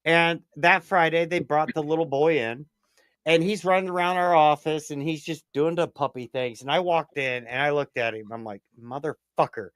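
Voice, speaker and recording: A man in casual chat, telling rambling stories with lots of swearing and animated bursts. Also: a little high, moderate pace, clean tone, no echo, clean studio sound. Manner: rambling, profane storyteller; animated, swings up in excitement. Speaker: prepper livestream co-host.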